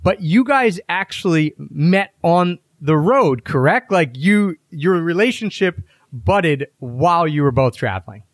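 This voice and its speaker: A man hosting a travel podcast interview, joking with his guests and asking lively questions. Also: fairly high pitch, a little slow, few pauses, no echo. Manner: playful, joking, animated questions. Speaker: podcast host.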